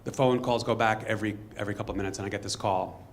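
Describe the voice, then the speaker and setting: Fast-talking man telling a story on stage. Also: on the low side, fairly even intonation, a little hiss or hum. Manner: fast, conversational, with asides and reenacted dialogue. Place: stage before a live audience.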